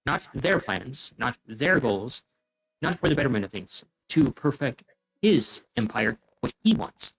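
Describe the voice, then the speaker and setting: A man narrating as game master of a tabletop game, pausing often with fillers. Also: medium pitch, animated, vocal fry, fairly bright tone, slightly rough, rough recording. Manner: halting, many fillers.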